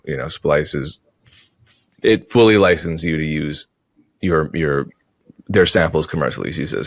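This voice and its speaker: A deep-voiced man talks through his argument in a casual podcast style, often stopping to rephrase himself. His voice sits very low and the recording is dry and close. He picks up energy whenever he lands a point. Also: moderate pace, no room sound. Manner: thoughtful, self-correcting, animated when making points. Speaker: podcast host, music producer. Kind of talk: casual opinion talk.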